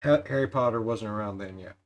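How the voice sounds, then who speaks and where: A man's voice: fairly low pitch, fast. Joking man reacting off the cuff. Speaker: reaction video host. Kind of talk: casual reaction commentary.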